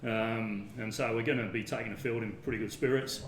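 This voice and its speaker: A man's voice: lowish voice, fairly even intonation, a little fast, echoey room, poor audio. A man from London with an English accent, a rugby player answering interview questions in an easygoing, modest way at a club. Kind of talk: casual interview. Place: rugby club function room.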